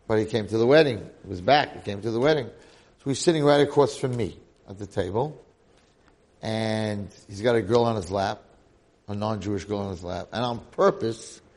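An older rabbi in his sixties tells a story to his congregation. His voice is gravelly and somewhat husky. He delivers it with animated energy, swinging between loud and soft. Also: medium pitch.

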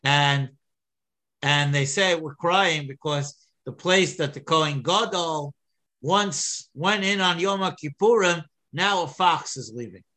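A man giving an animated Torah lecture, full of restarts and repeated words. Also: fairly high pitch, slow. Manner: animated, many restarts, mixes Hebrew and English. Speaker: rabbi teaching Torah.

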